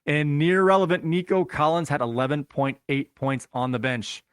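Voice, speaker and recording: A man hosting a fantasy sports podcast in an upbeat, chatty tone, talking straight to his listeners. His voice sits a bit high for a man and sounds dry and close to the mic. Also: steady tone, moderate pace, clean tone, no echo. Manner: upbeat, addresses listeners as guys. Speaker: podcast host. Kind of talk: casual podcast commentary.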